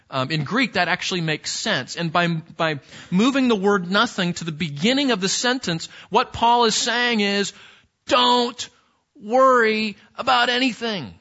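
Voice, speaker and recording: Bright-voiced man preaching, lo-fi. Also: sits high. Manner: earnest, conversational preaching with frequent restarts. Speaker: pastor. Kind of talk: sermon.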